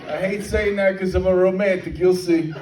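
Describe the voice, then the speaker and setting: A man works a stand-up comedy set, brash and streetwise. His voice sits high and reaches the mic from a distance. The room rings with echo, and a big audience laughs along. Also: fairly even intonation, normal speed, background noise. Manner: brash, streetwise, lots of "man" and shouted impressions. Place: comedy venue with live audience. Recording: echoey room, mic heard from far, crowd laughter.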